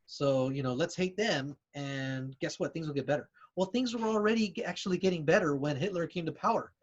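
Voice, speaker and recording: A man with a slightly raised pitch talks through a casual podcast chat, circling his point with hesitations and restarts. The recording sounds a bit dull and lo-fi. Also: fairly quick. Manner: hesitant, many fillers and restarts, explains with examples. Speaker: podcast co-host.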